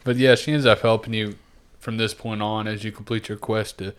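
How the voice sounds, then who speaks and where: Casting: relaxed man, podcast co-host, clear smooth tone, swears freely while recapping. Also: lowish voice, brisk. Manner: animated retelling with acted-out quotes; profane and laid-back. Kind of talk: casual chat.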